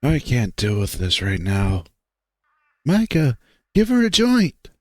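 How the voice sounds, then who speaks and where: A man's voice: lowish voice, animated, slow, a little mellow, no echo, clean studio sound, voice pushed down. A man voicing a laid-back young stoner guy with a lackadaisical manner. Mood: panicked. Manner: lackadaisical, easygoing.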